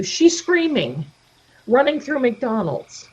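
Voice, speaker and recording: Speaking slowly in a high-pitched, sing-song voice with a slightly rough texture, this middle-aged woman hosts a livestream full of casual storytelling. She imitates the people she quotes. The stream audio is dull and lo-fi.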